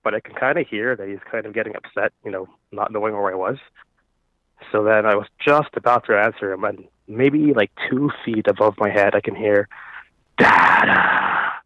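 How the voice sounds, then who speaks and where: A nervous caller, a man in his thirties from Florida, tells his ghost story haltingly, with many fillers. His voice sits fairly low and comes through a thin, tinny phone line. The sound is dry and close. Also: no room sound.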